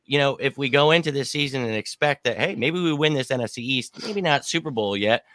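A man talks through his football picks in a confident, explanatory way. His tone is bright and forceful, and the recording is dry with no room sound. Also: medium pitch, a little fast, dry recording. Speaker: podcast panelist. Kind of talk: casual sports talk.

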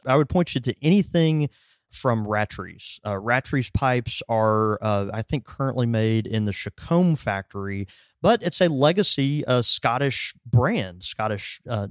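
A man co-hosting a casual podcast, rambling through explanations with plenty of fillers. His voice moves animatedly in pitch. It is recorded dry and close. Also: animated, measured pace, no room sound. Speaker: podcast host.

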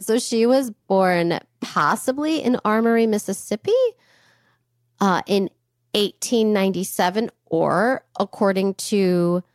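A woman co-hosting a podcast, telling a story in casual, animated chat and swearing freely. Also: medium pitch, dry recording, studio quality. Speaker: podcast co-host.

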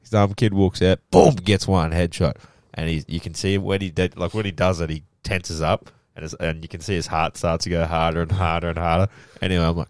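A young Australian man telling stories in casual podcast chat, animated and full of swearing. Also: low-pitched, brisk, hardly any pauses, clean tone, dry recording, clean studio sound. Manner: animated storytelling, heavy swearing. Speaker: podcast co-host.

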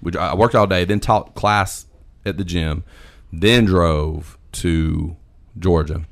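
A man telling a long story in casual chat, animated, swearing and quoting his friends. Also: sits low, slow.

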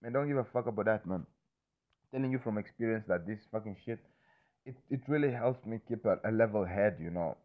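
A man with a lowish voice talks in a loose, rambling way, swearing often and circling back with "you understand me?" The sound is thin and narrow, like it came over a phone line. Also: fairly quick. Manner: loose, repetitive, swears freely, keeps asking "you understand me?". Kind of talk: casual rambling monologue.

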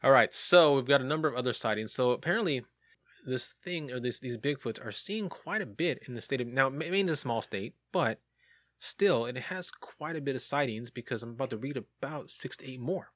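A man's voice: mid-range voice, animated, brisk, a bit bright, no echo, studio quality. A man hosting a casual podcast, reading sighting reports aloud and joking about them. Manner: jokey, reads reports aloud with asides.

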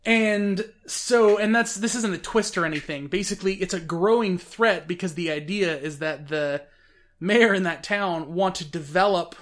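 A man hosting a casual chat about films, talking in an animated, rambling way with frequent restarts. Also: sits high, normal speed. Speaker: podcast host reviewing films.

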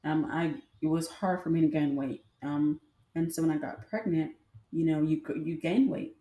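Her voice sits low and mellow, with fairly even intonation and a moderate pace: a young adult vlogger sharing personal stories with viewers. She chats and rambles, dropping in lots of fillers, and the room echoes.

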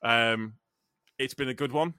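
A man hosting a casual podcast chat, animated, with frequent restarts and the odd swear word. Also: medium pitch, measured pace, smooth, no room sound, studio quality. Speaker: podcast host.

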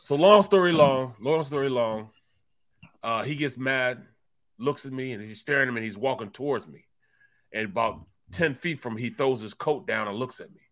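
Man, sports talk co-host, animated storyteller, stumbles over repeated words. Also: medium pitch, fairly quick. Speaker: co-host, former football player.

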